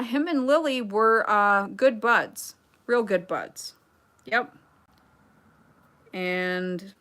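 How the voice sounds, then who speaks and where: A woman's voice: mid-range voice, a bit bright, smooth. A young adult woman hosting a casual livestream, reading chat and talking in a blunt, sarcastic, rambling way with asides.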